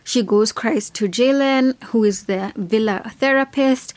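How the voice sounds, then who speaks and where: A woman's voice: on the high side, measured pace, hardly any pauses, darkish tone. A young woman giving a casual, opinionated reality TV recap, full of "like" and slang. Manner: chatty, opinionated, heavy on "like". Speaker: reality TV reviewer.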